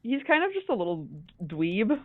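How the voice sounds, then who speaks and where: A playful, halting woman chatting over a tinny, phone-like line, her pitch bouncing around a lot. She stumbles over her words and laughs often while riffing on ideas. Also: very animated, background noise. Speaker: podcast co-host. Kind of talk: casual brainstorming chat. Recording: tinny phone-like call audio.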